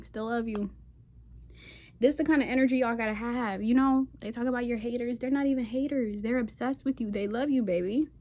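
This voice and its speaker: A woman's voice: fairly high pitch, a little mellow. A woman hosting a spiritual channel, ranting to camera in a sassy, defiant way with casual slang and emphatic repeated phrases. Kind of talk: impassioned unscripted rant to camera.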